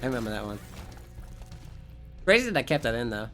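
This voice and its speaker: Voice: mid-range voice, very animated, fairly quick, bright, forceful tone, faint music behind. A Twitch streamer giving casual live gameplay commentary, rambling and joking with plenty of swearing.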